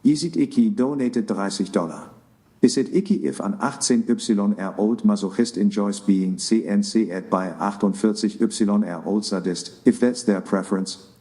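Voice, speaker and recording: Man, low mellow voice, reads viewer donations aloud, plain steady delivery. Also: moderate pace. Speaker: co-host reading donation messages. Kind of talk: reading viewer messages aloud.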